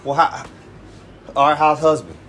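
A church elder preaches an informal sermon, his voice slightly high, expressive and fairly bright at an ordinary pace. He's emphatic and colloquial, often ending phrases with "man," and there's a bit of background noise.

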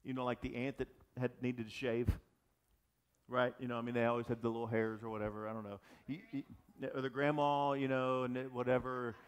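A man's voice: medium pitch, flat delivery, brisk, clean tone. A man preaching a sermon as pastor, talking animatedly with frequent restarts and asides to the audience. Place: church or gathering space for young adults.

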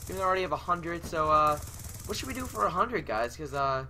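A young man giving chatty commentary over his gameplay, often breaking into loud, raging yells, on a desktop mic at home. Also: a little high, expressive, quick pace, a little hiss or hum. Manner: chatty, often bursting into yelling rage. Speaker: gaming channel host. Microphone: desktop USB mic with pop filter.

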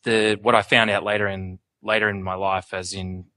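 A man in his twenties talking casually on a panel, animated and full of restarts. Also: on the low side, moderate pace, dry recording. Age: 20s. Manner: animated, many restarts and self-interruptions.

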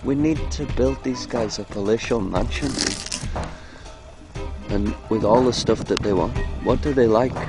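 A medium-pitched man speaks at a measured pace, with music playing behind him. He's a vlogger filming animals in a cold outdoor field, rambling and joking loosely to the camera and now and then breaking into chanted mantras.

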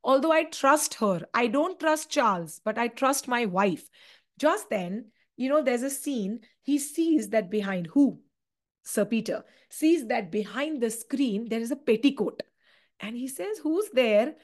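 A woman with an Indian English accent gives an exam-prep literature lecture. Her voice is high and her retelling is animated, with Hindi asides mixed in. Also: measured pace. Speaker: literature teacher.

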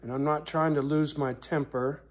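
A man venting to camera in a personal vlog, blunt and swearing, his voice swelling loud when he is angry and then dropping soft. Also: fairly high pitch, fairly even intonation. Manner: slow, deliberate delivery with pauses. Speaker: vlogger on his rural property.

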